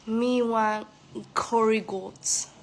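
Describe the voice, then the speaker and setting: A South African woman putting on a mock Jamaican patois, saying short phrases slowly and with emphasis. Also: on the high side, fairly even intonation. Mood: playful. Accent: South African under the put-on. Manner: slow, emphatic, louder, drawn-out patois phrases.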